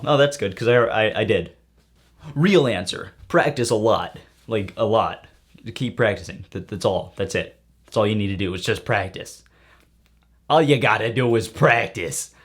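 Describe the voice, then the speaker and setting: A man answering viewer questions in a casual vlog, rambling with goofy jokey asides. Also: mid-range voice.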